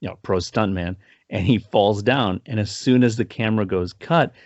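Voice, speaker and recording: A man's voice: on the low side, moderate pace, darkish tone, no room sound. A man co-hosting a film podcast, telling stories in a loose, rambling way and laughing often. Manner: rambling storyteller, laughs often, acts out quotes. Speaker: podcast co-host. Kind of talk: casual film review chat. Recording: dry, dull lo-fi sound.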